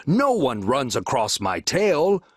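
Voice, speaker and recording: A man's voice: medium pitch, wildly swooping pitch, slow pace, no room sound, studio quality, heavily acted. A man voicing a proud, regal, boastful male lion in a recorded storybook reading. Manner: roaring, boastful.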